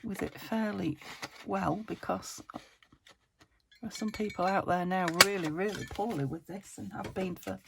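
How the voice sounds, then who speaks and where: A woman from the UK hosting a casual craft tutorial, chatty and self-chiding as she thinks aloud while working, her voice still slightly croaky. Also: medium pitch, normal speed, heavy background noise. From United Kingdom. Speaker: crafting channel host.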